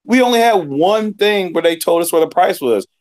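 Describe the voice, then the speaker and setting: A man's voice: sits high, expressive, normal speed, darkish tone. A young man co-hosting a tech show, complaining in a laid-back, casual way with lots of swearing and mocking quotes. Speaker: co-host. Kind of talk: casual ranting chat.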